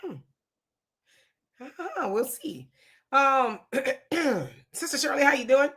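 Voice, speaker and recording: Bright casual woman livestream host. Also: high voice, expressive, slow. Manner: laughing, playful, reads viewer comments aloud. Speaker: livestream co-host reading chat. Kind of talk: casual chat.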